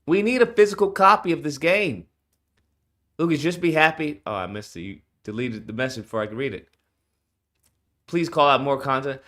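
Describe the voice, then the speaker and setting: A man's voice: a little high, moderate pace, pauses often, fairly bright tone. A man streaming a reaction, ranting heatedly and profanely to his viewers. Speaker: streamer reacting to a game showcase. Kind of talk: casual reaction rant.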